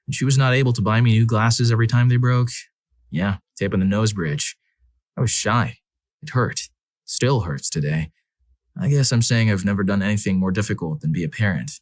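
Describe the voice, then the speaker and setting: A man reading first-person stories aloud as a channel narrator, in a measured, earnest way. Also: lowish voice, no room sound.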